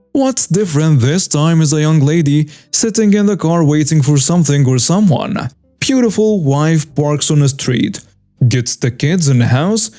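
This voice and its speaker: A man's voice: on the high side, dark tone. A man narrating a written story with a dry, wry delivery.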